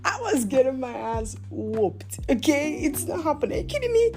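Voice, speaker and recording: A woman's voice: sits high, moderate pace, over music. A woman, hosting a podcast and telling a confessional story in a chatty way, full of laughing asides where she talks to herself. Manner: animated, self-talking, laughing asides. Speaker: podcast host.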